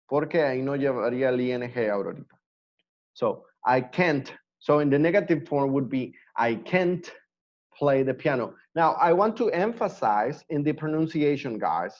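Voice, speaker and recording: A man's voice: medium pitch, lively intonation, unhurried, muffled recording. A man teaching an online English class, patiently repeating words to drill pronunciation.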